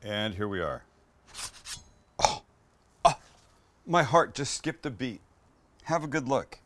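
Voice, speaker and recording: A middle-aged man hosts a casual cooking demonstration at a kitchen flat-top, upbeat and jokey with some mild swearing. His voice sits at an ordinary middle pitch, and faint sizzling from the grill runs behind him. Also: slow pace, a little hiss or hum. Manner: enthusiastic, joking, mildly profane. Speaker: cooking show host.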